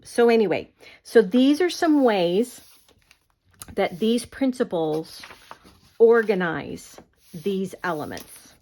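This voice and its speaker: Her voice is mid-range and a little mellow as she leads an online art lesson. The tone is relaxed and chatty, with lots of filler words and frequent checks that the viewer is keeping up.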